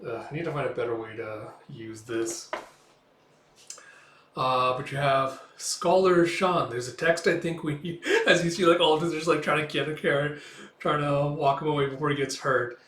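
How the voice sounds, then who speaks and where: A man's voice: a little high, steady tone, normal speed, fairly bright tone. A man casually narrating his read-through of a comic, laughing and swearing freely, in a room at home. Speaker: comic book reviewer. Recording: roomy echo.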